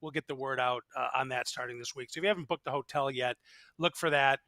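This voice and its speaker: A man's voice: mid-range voice, quick pace, no echo. A man talking on a podcast panel in casual chat, emphatic and opinionated. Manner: animated, emphatic, opinionated asides.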